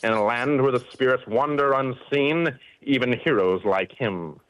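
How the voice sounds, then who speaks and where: A performer voicing a robotic machine that recites a poem in a steady rhythm. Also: mid-range voice, unhurried, no echo, lightly acted, rough recording. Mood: reciting.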